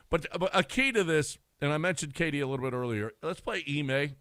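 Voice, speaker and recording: A man's voice: on the high side, expressive, fairly quick, a bit bright, no echo, clean studio sound. A man co-hosting a sports radio show, chatting loosely about the team, often breaking off and restarting his sentences. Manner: conversational, chuckling, breaks off and restarts. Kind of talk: casual sports talk. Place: radio studio.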